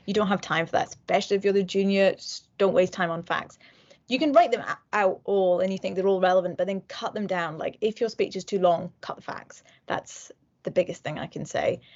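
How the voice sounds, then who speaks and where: A woman's voice: fairly low pitch, a little mellow. A young woman from a university mooting society giving a casual, frank training talk with frequent fillers. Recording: dull lo-fi recording.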